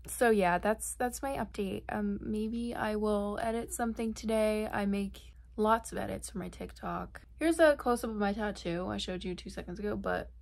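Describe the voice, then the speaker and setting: A woman's voice: mid-range voice, moderate pace, gravelly, hardly any pauses. Teen girl vlogger, put-on Southern country accent, rambling casual chat, self-deprecating. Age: teens. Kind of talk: casual vlog while doing makeup.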